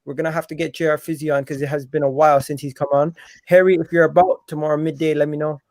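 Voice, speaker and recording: A man with a fairly high voice hosts a live football stream, calling guests by name and hyping them up. His voice sounds close and dry, with no room around it. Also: fast, no room sound. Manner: energetic, calls out to guests. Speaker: stream host. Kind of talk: casual chat.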